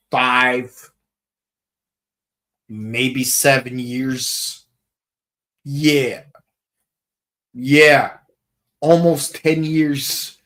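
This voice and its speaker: Male podcast co-host, unhurried, rambling, jokey. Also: mid-range voice, a bit bright. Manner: rambling, joking, many restarts and fillers. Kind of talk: casual podcast chat.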